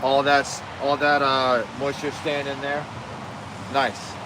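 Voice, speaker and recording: A man's voice: medium pitch, monotone, slow pace, noisy background. A man chatting casually and swearing now and then while he cooks live outdoors for his viewers. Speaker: streamer cooking live. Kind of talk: casual live-stream chat. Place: outdoors at a home cookout.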